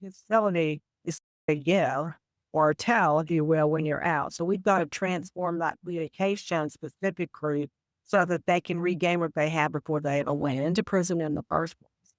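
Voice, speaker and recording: Measured woman explaining communication habits. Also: low-pitched, fairly even intonation, no room sound. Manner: measured, explanatory, gives examples. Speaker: podcast guest, communication coach. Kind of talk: conversational interview.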